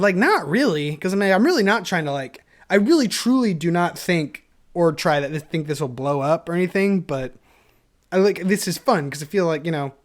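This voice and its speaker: A man talking to himself on a solo podcast in a loose stream of consciousness. He is a little tipsy from wine and keeps poking fun at himself. His talk is full of likes, you knows and half-finished thoughts. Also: a little high. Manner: rambling stream of consciousness, self-deprecating, many fillers. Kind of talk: casual solo podcast monologue.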